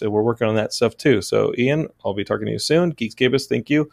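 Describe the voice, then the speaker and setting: A man hosting a podcast, telling stories in casual chat, animated and often laughing. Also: mid-range voice, quick pace, vocal fry, no echo, clean studio sound. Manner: animated, laughing, swearing storyteller. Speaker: podcast host.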